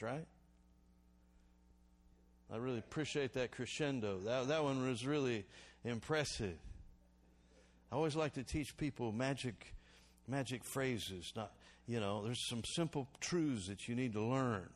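A man preaching a sermon as pastor, calling for responses from the congregation and swinging between loud exhortation and quiet reflection. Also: mid-range voice, animated, measured pace, long pauses.

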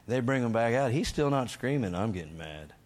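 A man preaching, telling a testimony story in an emphatic, energetic way and acting out the lines he shouted. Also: mid-range voice, fairly quick.

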